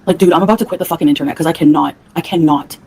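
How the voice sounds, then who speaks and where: Mellow-voiced woman ranting on a livestream. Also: deep voice, rapid-fire, slight background noise, rough recording. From Canada. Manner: profane, heated, talks back to chat. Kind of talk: angry livestream rant.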